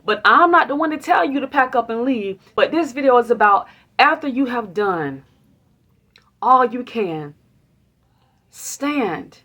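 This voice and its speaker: High-voiced woman giving a faith talk. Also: lively intonation, measured pace, sharp tone. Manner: preachy and conversational, asks the audience questions; acts out quoted complaints and affirmations. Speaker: host.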